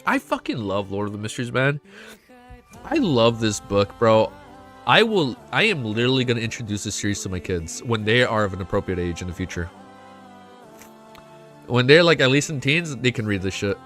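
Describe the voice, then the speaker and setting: A young man hosting a casual livestream, excitable and swearing often, reading chat aloud. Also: mid-range voice, normal speed. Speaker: livestream host. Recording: faint music behind.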